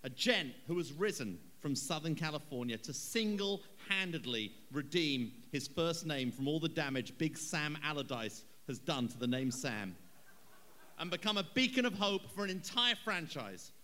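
A man's voice: on the high side, lively intonation, normal speed, bright, forceful tone. A man hosting a live show, introducing a guest like a showman building hype. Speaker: host. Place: live stage before audience.

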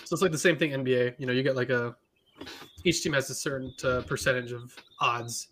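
A man's voice: mid-range voice, steady tone, fairly quick, fairly bright tone, a little hiss or hum. A man co-hosting a sports podcast, explaining things in a laid-back casual chat with many fillers. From Spokane area, Washington. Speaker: podcast co-host.

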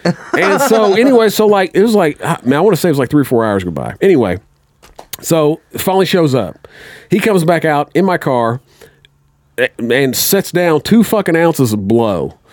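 Very animated and speaking at a normal pace, a man with a somewhat high, slightly mellow voice rambles through a long story as a podcast guest. Heavy swearing and acted-out quotes fill the casual storytelling, recorded with no echo.

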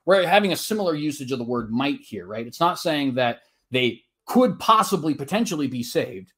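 A man making his case in a formal debate, earnest and argumentative, quoting scripture at length and often checking in with a quick tag question. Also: fairly high pitch, big pitch swings, fairly bright tone, breathy edge. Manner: frequent tag questions and "uh" restarts.

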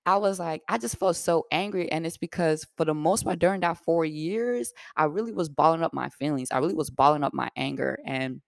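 Blunt young woman with a gravelly, dry voice. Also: deep voice, brisk, few pauses, no echo. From Africa. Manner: blunt, profane, animated retelling. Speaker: podcast host. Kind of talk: casual storytelling.

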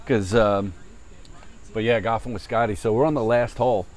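A man telling a golf story in casual chat, swearing often and acting out the shouting people in it. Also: lowish voice, normal speed, crowd noise. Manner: animated, swearing, mimics yelling voices in stories.

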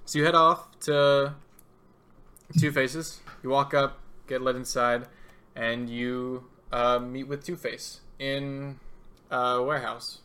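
Brief: young male game master, bright forceful voice, laughing and loose. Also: mid-range voice, steady tone, slow. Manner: laughing, loose, self-deprecating. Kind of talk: narrating a tabletop game.

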